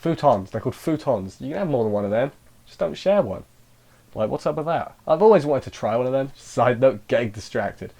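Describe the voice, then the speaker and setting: A man talking through an anime episode in a loose, chatty review at a mid-range pitch. He wanders off into jokey asides and restarts his sentences often, then drifts back to the plot. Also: lively intonation, a little fast, dark tone. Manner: rambling, self-interrupting, with jokey asides. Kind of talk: casual spoken review.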